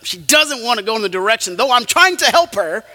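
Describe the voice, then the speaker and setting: A man delivers a sermon in a bright, high voice that climbs and dips with wide, lively swings. He presses his points hard, then drops low for asides. His words ring out with the long reverb of a hall. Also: brisk. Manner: emphatic, rises and drops sharply for effect. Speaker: preacher.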